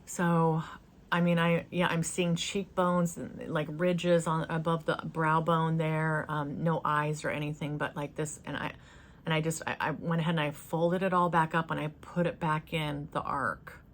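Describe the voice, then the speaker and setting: Low-voiced woman recounting a vision. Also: slight background noise. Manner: earnest, hesitant, many fillers and restarts. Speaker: spiritual channel host. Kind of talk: personal spiritual storytelling. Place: yurt, seated on couch.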